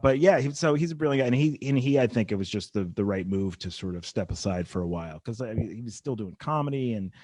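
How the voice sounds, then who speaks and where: A man's voice: mid-range voice, animated, quick pace, few pauses, a little mellow, no echo, clean studio sound. A man guesting on a comedy podcast, chatting casually and rambling with many restarts and "like"s.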